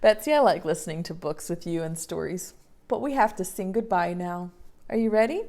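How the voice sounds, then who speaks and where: A young woman, a preschool teacher, reading a story and talking gently to young children in a sing-song way. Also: lowish voice, expressive, a little fast.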